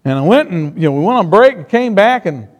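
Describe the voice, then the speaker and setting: A man preaching a sermon, shifting between quiet storytelling and emphatic points. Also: high voice, sing-song, fast. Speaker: pastor. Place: church sanctuary. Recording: long reverb of a church hall.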